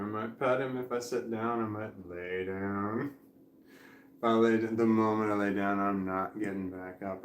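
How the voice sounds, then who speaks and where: A man's voice: on the low side, slight background noise. Drowsy, rambling man in an echoey room. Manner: drifting, candid, swears often, laughs between thoughts. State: drowsy and foggy. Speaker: vlogger. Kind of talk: rambling live stream monologue. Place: indoors at home.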